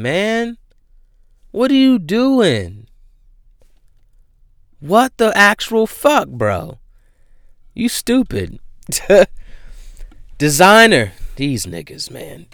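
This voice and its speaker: A man's voice: medium pitch, big pitch swings, slow, long pauses, clear, resonant tone, dry recording, clean studio sound. Man ranting in casual celebrity gossip. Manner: loud, exasperated ranting with slang and profanity. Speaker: host. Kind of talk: casual celebrity news commentary.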